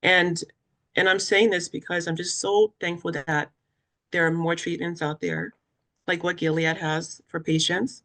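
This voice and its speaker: A young woman from West Africa, a cancer survivor and patient advocate, tells her personal story in a webinar interview. Her voice sits on the low side, a bit bright, with a flat, unhurried delivery, yet she speaks earnestly and with emotion, acting out what others said to her.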